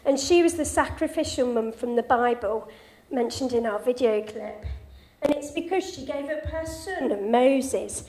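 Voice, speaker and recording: A woman's voice: high-pitched, measured pace, warm tone. A woman giving an informal church talk, cheery and encouraging, quizzing children and telling a story. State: a bit out of breath. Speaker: church speaker leading a children's quiz and talk.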